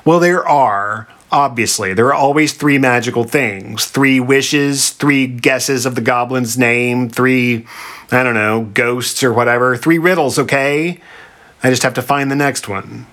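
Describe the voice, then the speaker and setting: A man's voice: mid-range voice, unhurried, a bit bright, natural voice. A man voicing a short-tempered, fire-breathing female Sphinx monster who sounds whiny and exasperated and talks in casual slang in a comic story.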